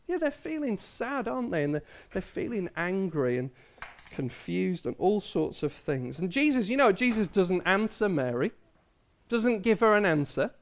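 Preacher, family sermon, engaging, tag questions, mid-pitched voice. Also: sing-song, normal speed. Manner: asks many tag questions, draws in listeners. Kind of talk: family sermon addressing kids and adults. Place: church service.

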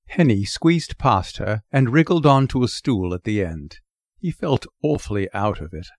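A man narrating a short story in an expressive, wry storybook reading. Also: on the low side, normal speed, no echo, studio quality. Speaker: narrator, reader.

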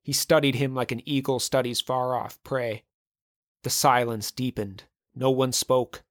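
A man narrating a dramatic legend in a measured, vivid storytelling manner. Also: mid-range voice, fairly even intonation, dry recording, clean studio sound.

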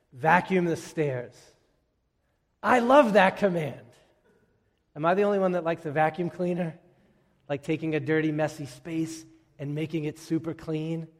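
A pastor giving a sermon in a conversational, humorous storytelling way, acting out what people might say. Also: male voice, a little high, darkish tone, big-room sound.

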